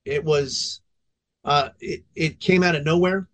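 A man's voice: fairly high pitch, fairly even intonation, unhurried, fairly bright tone. A man in his forties, a veteran fire officer, telling a story on a podcast in an intense, profanity-laced way.

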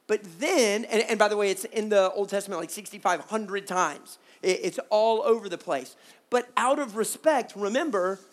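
Animated preacher slowing on key words. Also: medium pitch. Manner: animated, joking asides, talks to crew and audience; slows down to stress key words. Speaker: preacher at a youth camp. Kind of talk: sermon with slides.

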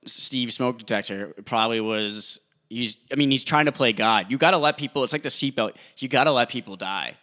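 A young man co-hosts a casual podcast full of crude banter, his medium-pitched voice pushed and bright. He talks fairly quickly with few pauses, rambling through half-finished sentences and laughing often.

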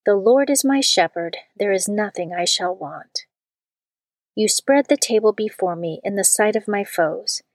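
A woman giving a measured, solemn reading of scripture and prayers. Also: mid-range voice, dry recording. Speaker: scripture reader.

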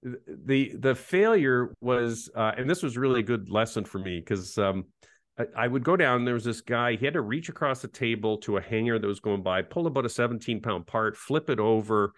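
A man's voice: medium pitch, moderate pace, dry recording, clean studio sound. A man in his fifties, an ergonomics professor, telling self-deprecating work stories as an interview guest. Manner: animated anecdotal, self-deprecating. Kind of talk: casual interview storytelling.

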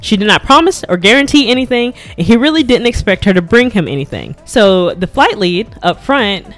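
A woman hosting her own podcast in a casual, chatty way, rushing her words and slipping in awkward giggles. Her pitch sits mid-range for a woman, and soft music plays faintly beneath her. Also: big pitch swings. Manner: talks very fast with awkward giggles. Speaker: podcast host, flight attendant. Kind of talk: casual solo podcast chat. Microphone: podcast mic at a laptop setup.

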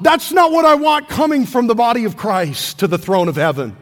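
A man's voice: very high voice, very animated, moderate pace, a bit bright, big-room sound. A man in his thirties, a pastor preaching a sermon with call-and-response to his church.

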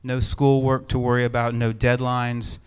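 A middle-aged man, a pastor, preaching a sermon in an empty church sanctuary, with measured, reflective storytelling and gentle humor. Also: medium pitch, completely flat delivery, clear, resonant tone.

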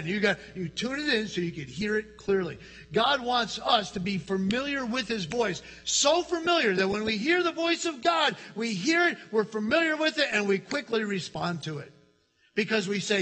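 A high-voiced man delivers a lively sermon, his bright, forceful tone carrying through a church hall with a long reverb tail. He tells stories with energy and acts out the voices of the people he quotes. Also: normal speed. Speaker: pastor. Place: church sanctuary.

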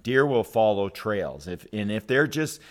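A man in his fifties telling a hunting story in a casual chat, animated and full of restarts and "right?". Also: lowish voice, unhurried. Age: 50s.

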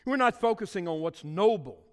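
A middle-aged man preaching a sermon, swinging between loud declarations and quiet asides. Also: high voice, lively intonation, normal speed. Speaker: pastor. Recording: long reverb of a large hall.

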